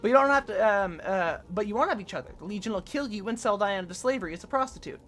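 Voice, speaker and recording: A woman's voice: medium pitch, expressive, fast talker, fairly bright tone, faint music behind. A woman streaming a game with casual, crude, joking commentary and frequent sighs.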